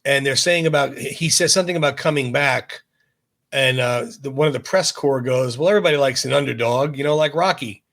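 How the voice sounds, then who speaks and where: A man's voice: medium pitch, fairly quick, creaky, fairly bright tone. A man co-hosting a podcast in casual chat, recounting pop-culture references with amused asides. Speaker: podcast co-host.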